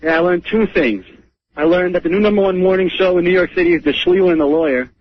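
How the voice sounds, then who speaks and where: A man calling in to a radio show, brisk and upbeat. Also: high voice, a little hiss or hum. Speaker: caller. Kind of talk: call-in chat. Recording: dull lo-fi phone-in radio recording.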